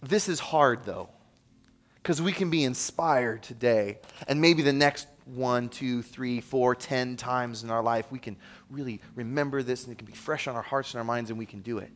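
A man in his thirties preaching a sermon from a church stage. He tells a family story with earnest, excitable energy and laughter. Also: mid-range voice, normal speed.

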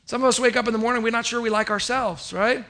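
A male pastor delivers a sermon in a high, lifted voice with a bright, ringing edge. He swings from emphatic declarations to soft, close asides and calls on the congregation to answer him. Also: fairly even intonation, quick pace.

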